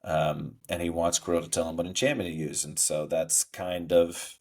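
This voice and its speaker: Deep-voiced man co-hosting a podcast. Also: level tone, moderate pace, darkish tone. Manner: rambling, hesitant, many fillers and restarts, quotes movies. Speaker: podcast co-host. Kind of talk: casual chat.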